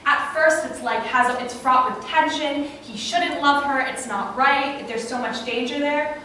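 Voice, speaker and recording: A young woman presenting a workshop to a live audience, chatty and lively, with fillers and asides to the listeners. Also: high voice, a little slow, slight background noise. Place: classroom or small auditorium with an audience. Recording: echoey room, far from the mic.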